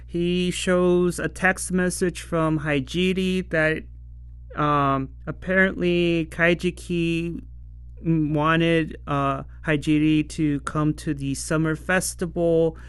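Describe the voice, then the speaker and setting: A man's voice: on the high side, little pitch movement, takes it slowly, fairly bright tone, smooth, no room sound. A man casually reviewing a TV episode, rambling and laughing often as he acts out the lines. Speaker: show reviewer.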